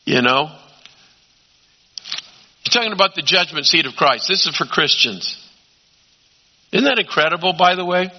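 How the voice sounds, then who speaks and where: A man's voice: fairly high pitch, animated, moderate pace, long pauses. Emphatic male preacher, muffled sound. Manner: emphatic, swings between loud urging and quiet asides. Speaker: pastor. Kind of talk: sermon. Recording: dull lo-fi sound.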